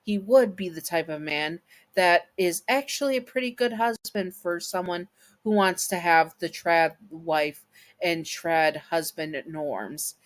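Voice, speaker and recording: A woman's voice: on the low side, unhurried. A young woman reading a written fan scenario aloud in a casual way, stumbling and correcting herself as she goes. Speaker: fan-fiction reader and channel host.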